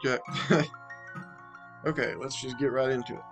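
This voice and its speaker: A man's voice: mid-range voice, steady tone, moderate pace, music in the background, low-quality recording. A young man chatting casually as he plays through a horror game, self-deprecating and chatty. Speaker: let's play host. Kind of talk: casual gameplay commentary.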